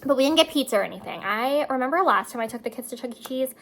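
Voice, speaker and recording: A woman's voice: high-pitched, lively intonation, racing, a bit bright, a little hiss or hum, low-quality recording. A woman in her thirties chatting casually to her viewers while doing her makeup, talkative and emotional, tearing up at times. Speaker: beauty vlogger and mother.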